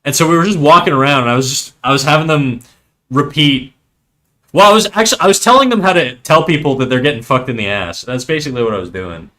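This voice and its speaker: A man's voice: mid-range voice, lively intonation, fast, pushed and bright. A young man from French Canada with a Québécois accent, chatting loosely on a livestream, swearing freely and laughing as he switches between English and French. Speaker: streamer. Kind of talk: casual livestream chat.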